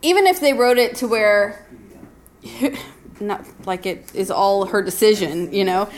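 A woman's voice: medium pitch, measured pace, slight background noise. A woman co-hosting a casual fan chat who speaks earnestly and thoughtfully. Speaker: podcast co-host.

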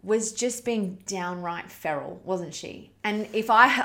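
A woman's voice: medium pitch, unhurried, bright, forceful tone. Earnest woman hosting a parenting chat. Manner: earnest, heartfelt, conversational. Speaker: host of a parenting challenge. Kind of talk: casual storytelling to an online audience.

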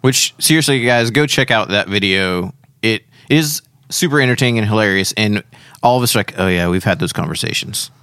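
A man's voice: fairly low pitch, a little fast, a bit bright, clear, resonant tone, dry recording, clean studio sound. A man co-hosting a casual talk show, who agrees and laughs along with his co-host. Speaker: podcast co-host. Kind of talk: casual chat.

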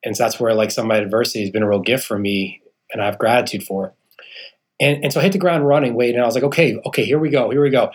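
This man in his thirties, a real estate founder appearing as a podcast guest, speaks low and rapid-fire. He tells an earnest personal testimony, acting out the people in his story and calling the host "man."

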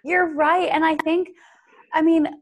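A woman's voice: very high voice, flat delivery, measured pace. A woman hosting a podcast interview, speaking in an earnest, encouraging way. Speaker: podcast host. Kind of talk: casual interview talk.

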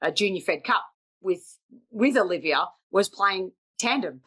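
A woman's voice: medium pitch, lively intonation, fairly bright tone, breathy edge. A middle-aged woman hosting a coaching podcast, talking eagerly and laughing easily. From Australia. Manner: enthusiastic, quick to laugh. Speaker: podcast host, tennis coach. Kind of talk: casual interview chat.

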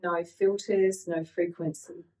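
A woman's voice: fairly low pitch, level tone, slow, darkish tone, distant mic, rough recording. A woman co-hosting a spiritual podcast, explaining things step by step for listeners. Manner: explanatory, adds points for listeners. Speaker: podcast co-host.

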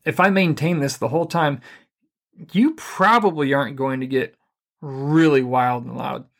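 A middle-aged man co-hosting a podcast, giving relationship advice in a calm, even, deliberately unhurried way. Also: mid-range voice, gravelly. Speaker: podcast co-host. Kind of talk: casual advice chat.

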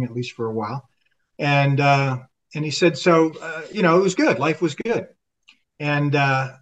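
A man's voice: medium pitch, fairly bright tone, far from the mic, poor audio. An older man, a retired army officer guest on a podcast, telling a story in conversation and acting out the dialogue with frequent restarts.

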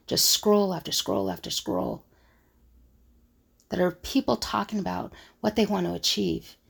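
Husky, gravelly woman musing aloud. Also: medium pitch, darkish tone. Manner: musing, acts out others' scoffing remarks. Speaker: conflict resolution coach. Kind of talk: reflective solo monologue.

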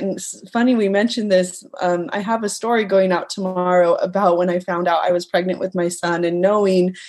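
A woman's voice: on the low side, a little mellow. A young woman in casual conversation, heartfelt and emotional, hesitating with many ums.

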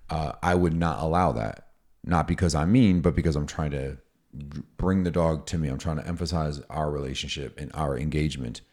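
A man co-hosting a casual podcast, explaining dog training in an energetic, chatty way. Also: rumbling low, brisk. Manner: energetic, explanatory, acts out dialogue.

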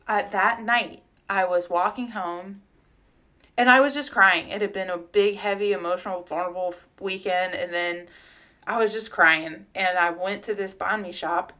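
A woman's voice: mid-range voice, bright, forceful tone. Candid woman telling a personal story. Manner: casual and heartfelt, frequent "like" fillers and swearing. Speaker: podcast co-host.

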